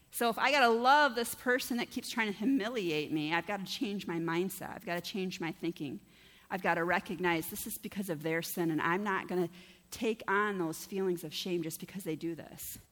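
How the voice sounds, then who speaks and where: A woman pastor delivers a sermon in a chatty, conversational manner, often turning to her listeners with "right?" Her voice sits at an ordinary middle pitch for a woman. The sound has the long reverb of a church hall. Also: a bit bright.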